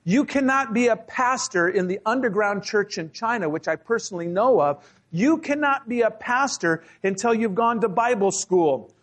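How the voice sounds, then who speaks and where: A man with a high, light voice delivers a sermon from a church pulpit. He preaches casually, mixing warnings with jokes and little acted-out exchanges. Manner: humorous, conversational preaching with acted asides. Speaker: pastor. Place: church sanctuary.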